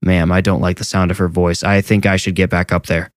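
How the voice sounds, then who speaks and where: A man's voice: deep voice, little pitch movement, fairly quick, dry recording, studio quality, natural voice. A man voicing a tense police detective who gives curt, commanding orders.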